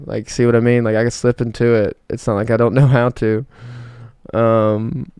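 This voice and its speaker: A man in his twenties from South Georgia chats with his livestream audience, reading messages and wandering off topic amid fillers and restarts. He speaks at a moderate pace in a flat, mid-range, darkish voice, recorded clean without room sound.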